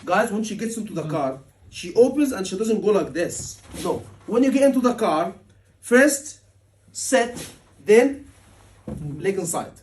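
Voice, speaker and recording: A man teaching a surgery exam class, animated and asking his students questions often, acting out patient lines. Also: sits high, unhurried. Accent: Liverpool. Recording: voice from a distance.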